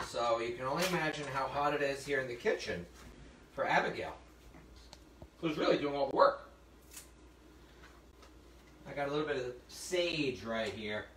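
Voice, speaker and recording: Streaming by phone to a remote audience, this male cooking instructor chats through each step of his dish in a hot kitchen. His mid-range, fairly bright voice has lively intonation and a moderate pace, with frequent pauses. The room is echoey, he sounds distant from the mic, and slight background noise is present.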